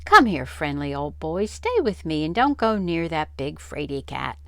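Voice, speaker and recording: An older woman reading the part of an eager young boy who talks in a bright, pleading way. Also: sits low, very animated, normal speed, gravelly, no echo, clean studio sound, full character voice.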